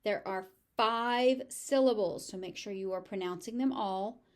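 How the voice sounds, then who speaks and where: American woman teacher, says each word really slow and clear, repeats it a few times, mid pitch. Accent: General American. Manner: repeats each word slowly and distinctly, then explains. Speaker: pronunciation teacher. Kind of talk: slow, careful pronunciation lesson.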